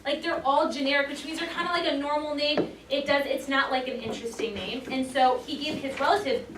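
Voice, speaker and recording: A woman's voice: sits high, fairly even intonation, fairly quick. A woman teaching a class, upbeat and encouraging, playfully hyping the lesson. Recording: echoey room, mic far off, noisy.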